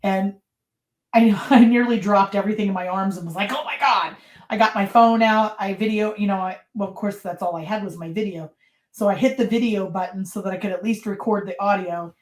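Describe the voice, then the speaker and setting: A woman being interviewed on a podcast, telling her stories in a lively way and acting out what people said, often with a laugh. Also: mid-range voice, brisk, roomy sound, poor audio. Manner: lively storyteller who acts out quotes and laughs often. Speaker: podcast guest. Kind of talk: casual interview storytelling.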